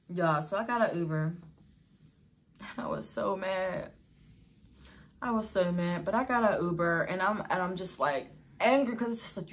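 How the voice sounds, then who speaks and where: A woman's voice: fairly high pitch, lively intonation, a little slow, long pauses, a bit bright. A young adult woman telling her own story in a vlog, emotional and exasperated, talking straight to her viewers. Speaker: vlogger telling a personal story.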